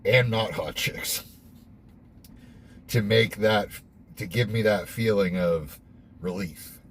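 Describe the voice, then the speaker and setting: A young man with a fairly low voice talks through a devotional reading in a loose, candid way, stopping to reflect and dropping the odd swear word. A faint hiss sits underneath him. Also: slow pace. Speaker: host. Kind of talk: casual devotional monologue.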